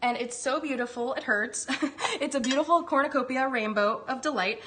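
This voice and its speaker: A woman's voice: sits high, moderate pace, bright, forceful tone. A woman hosting a live cooking demonstration from her home kitchen, bubbly and chatty, gushing over the food and talking while she eats. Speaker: cooking show host.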